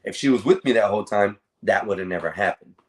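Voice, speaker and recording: A man's voice: fairly low pitch, animated, fast. A man in casual chat, telling a long rambling personal story, filling gaps with throwaway "da, da, da" and calling the listener "bro". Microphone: streaming call audio.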